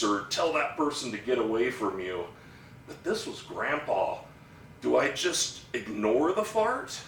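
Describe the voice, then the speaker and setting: Slow-telling man on a distant stage. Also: medium pitch, vocal fry, fairly bright tone, a little hiss or hum. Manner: slow, deliberate comic storytelling. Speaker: stage actor performing a monologue. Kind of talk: theatrical storytelling monologue. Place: theatre stage. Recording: roomy stage sound from a distant mic.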